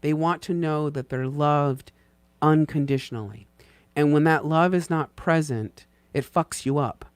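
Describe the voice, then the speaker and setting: A man's voice: on the high side, measured pace, clean tone, dry recording. A man co-hosting a casual chat, talking earnestly and bluntly, swearing casually. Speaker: co-host.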